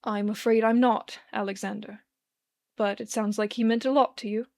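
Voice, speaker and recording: Kindly man voiced by a woman, gentle, reassuring, storybook reading. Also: medium pitch, level tone, normal speed, creaky, lightly acted. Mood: soothing. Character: kindly, composed man with a walking stick.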